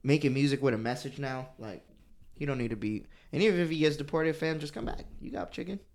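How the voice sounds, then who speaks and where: A man co-hosting a casual podcast chat, swearing freely and talking with animated energy. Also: mid-range voice, fast. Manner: profane, animated, mock British voice at times. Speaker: podcast co-host.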